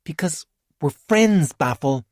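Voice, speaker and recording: A man's voice: on the high side, expressive, slow pace, darkish tone, dry recording, pitched above the performer's own voice. Guy doing a raised-up voice for a snarky young woman, dry jokes, audiobook. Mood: pleading. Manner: dry, wisecracking.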